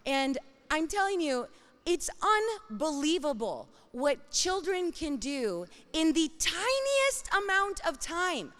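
A woman in her thirties tells a personal story with a high, light voice. She is expressive and dramatic, swinging between hushed asides and loud, vivid moments. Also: takes it slowly, long reverb tail. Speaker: mother telling a personal story.

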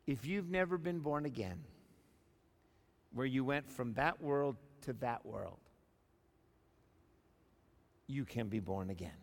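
A male pastor delivering a sermon, moving from soft, intimate appeals to loud, animated preaching. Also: medium pitch, slow pace, long pauses. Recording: long reverb of a large hall.

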